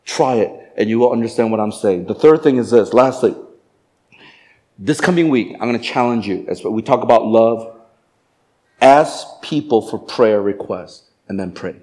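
A middle-aged male pastor preaching a sermon, animated and joking, acting out little voices. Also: on the low side, normal speed. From Asian family background. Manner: animated, acts out voices and jokes.

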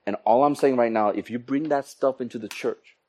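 A man preaching a sermon to his congregation, animated, acting out quoted exchanges with comic voices. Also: medium pitch, fairly quick. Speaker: pastor.

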